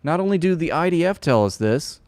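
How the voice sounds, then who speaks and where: A man's voice: on the high side, expressive, brisk, a little mellow, no echo. A man hosting a casual political commentary, talking bluntly and off the cuff, with some swearing. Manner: blunt and profane, loose off-the-cuff talk. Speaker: commentary channel host.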